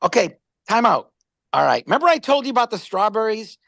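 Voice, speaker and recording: A man's voice: high-pitched, sing-song, brisk, vocal fry, bright, forceful tone, no echo. A man casually presenting a product on a live stream, rambling through stories and stumbling over repeated words.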